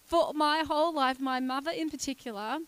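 A woman, preaching a lively, chatty sermon in a church and joking with the congregation. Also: sits high, fairly quick, no room sound. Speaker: guest preacher.

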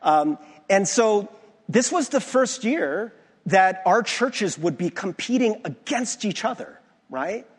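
Animated husky pastor in a hall. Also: male voice, high-pitched, slow pace. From United States. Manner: conversational, animated, many restarts and "like". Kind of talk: sermon with personal stories. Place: church sanctuary. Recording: long hall reverb from a church.

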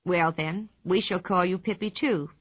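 A woman reading a storybook aloud, voicing a kind, patient schoolteacher in a friendly, measured way. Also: fairly low pitch, no room sound.

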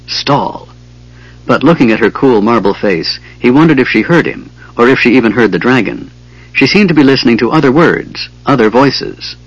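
A man narrating a fantasy audiobook in a measured, dramatic storytelling manner. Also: medium pitch, expressive, breathy edge, no room sound, highs cut off.

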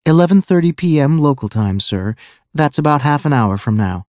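A man's voice: fairly high pitch, expressive, normal speed, darkish tone, no room sound, lightly acted. A man voicing a young, nervous female flight attendant who speaks politely and eagerly.

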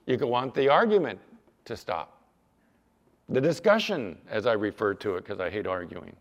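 A male pastor preaching a sermon, animated, sometimes mimicking whiny apologies in a raised voice. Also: lowish voice, measured pace. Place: church sanctuary. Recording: long church reverb.

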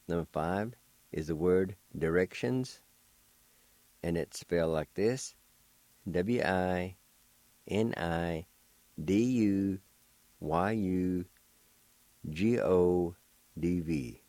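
A man's voice: low-pitched, dark tone, no echo. A man teaching words on the radio, spelling them out patiently letter by letter. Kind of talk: slow spelled-out language lesson.

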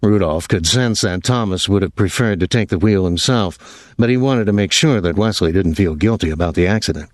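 A man reading a novel aloud in measured, even narration. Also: low-pitched, dry recording, studio quality. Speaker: audiobook narrator. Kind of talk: scripted narration.

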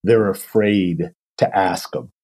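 A man with a deep, warm voice speaks slowly. He advises coaches on their careers and, in casual interview talk, tells stories while acting out quotes.

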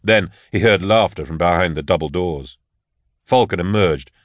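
A man narrating an audiobook in a measured, steady way. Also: sits low, dry recording. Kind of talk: scripted narration.

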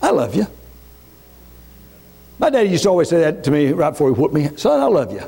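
A pastor preaching a sermon with passion, swinging from raised, urgent lines to hushed, low prayer, repeating and restarting words as he builds. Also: very animated, fairly quick, gravelly, slight background noise.

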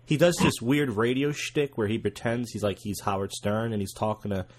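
A man's voice: on the low side, normal speed. A man guesting on a podcast in casual chat, wry and storytelling.

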